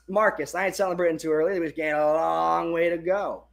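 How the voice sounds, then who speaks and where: A man with a high-pitched voice calls a game live as a fan streamer, talking into a phone held in his hand. He is excitable and curses freely. He swings between hyped shouting and quiet, muttered asides. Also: fairly quick, vocal fry, few pauses. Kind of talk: excited live sports watch-along commentary.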